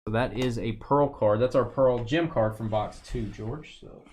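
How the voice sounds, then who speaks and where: A man's voice: medium pitch, a little slow, darkish tone, slight background noise. A man hosting a live card-breaking stream, chatting casually and joking with viewers as he opens packs.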